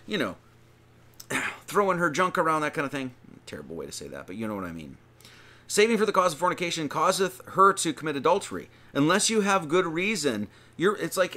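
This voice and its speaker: A man's voice: fairly high pitch, pushed and bright. A man giving an informal sermon, reading scripture aloud and explaining it in a conversational, rambling way, stretching out phrases for emphasis. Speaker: preacher.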